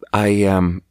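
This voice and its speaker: A low-pitched man talks on his own show in a loose, meandering monologue. He restarts his sentences and slips laughs into his thoughts, sounding a little self-conscious. The recording is close and dry, with no room around him. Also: clear, resonant tone, no echo. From Sweden. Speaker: podcast host. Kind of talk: casual solo monologue.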